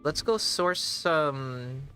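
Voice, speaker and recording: A man streaming a game live, thinking aloud in a slow, halting way and sometimes spelling words out letter by letter. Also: on the high side, pushed and bright, soft background music. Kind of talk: casual live gameplay commentary.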